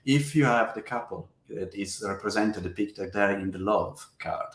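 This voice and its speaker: A man from the Mediterranean region, a guest in a casual interview, speaking earnestly in halting, non-native phrasing. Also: on the low side. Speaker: guest, tarot deck creator. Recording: echoey room.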